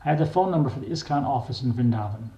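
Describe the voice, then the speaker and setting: An older man reads his own memoir aloud in a plain, wry, unhurried way. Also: medium pitch, expressive, mellow. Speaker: memoir reader. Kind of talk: memoir narration. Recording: echoey room.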